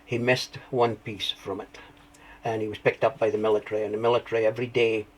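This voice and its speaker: A man telling his story as an interview guest, rambling through anecdotes with restarts and lively retellings. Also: on the low side, fast, low-quality recording. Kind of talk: conversational storytelling.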